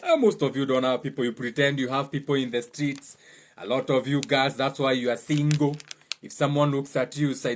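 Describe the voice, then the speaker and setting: A young Kenyan man giving a mocking, joking monologue, laughing at his own lines and slipping into high mimicking voices. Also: moderate pace, a little hiss or hum. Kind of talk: humorous monologue.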